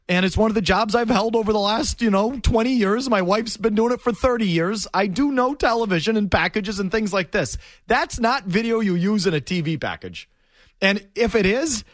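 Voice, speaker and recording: A man's voice: high-pitched, no echo, clean studio sound. A middle-aged man hosting a sports talk show, arguing his case emphatically and repeating himself for effect. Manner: emphatic, repetitive, argumentative.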